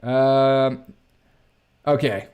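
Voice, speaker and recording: A man's voice: mid-range voice, steady tone, extremely slow, darkish tone, clear, resonant tone. A man hosting a casual political commentary livestream, reacting to clips with sarcasm and frequent laughter. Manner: sarcastic, laughs often, thinks aloud.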